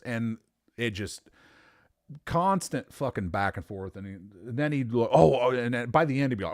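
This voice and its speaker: A man telling a story in a casual, animated, profane way, getting worked up as he talks. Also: medium pitch, normal speed, no room sound, studio quality. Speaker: storyteller recounting a former boss.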